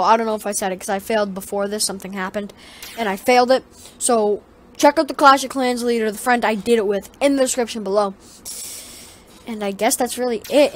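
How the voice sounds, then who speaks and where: Swearing, rambling woman telling a story. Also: on the high side. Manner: profane, rambling and animated. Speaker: vlogger. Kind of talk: casual storytelling.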